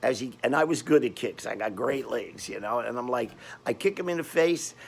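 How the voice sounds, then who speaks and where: An older man with a Brooklyn accent telling a rambling street story in a casual, animated way, often restarting his sentences. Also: mid-range voice, fairly quick, creaky, slight background noise. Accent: Brooklyn New York. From Brooklyn, New York.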